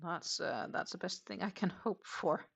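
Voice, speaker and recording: A woman's voice: lowish voice, moderate pace, gravelly, slightly rough. A woman hosting a live crochet stream, chatting in a rambling, casual way and answering viewer comments as she works. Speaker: crochet livestream host. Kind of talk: casual chat while crocheting.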